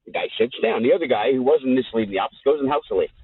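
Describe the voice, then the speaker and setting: A man hosting a show and telling a story in a casual, profane, animated way, acting out the people in it, with a tinny, dry sound. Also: mid-range voice, rapid-fire, a little hiss or hum. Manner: animated, profane, acts out the people in his stories. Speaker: host.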